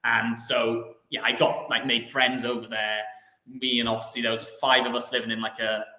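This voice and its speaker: A man's voice: mid-range voice, flat delivery, moderate pace, bright, forceful tone, roomy sound, poor audio. A young man, a footballer guest, telling stories in a casual chatty interview, rambling with lots of restarts and fillers.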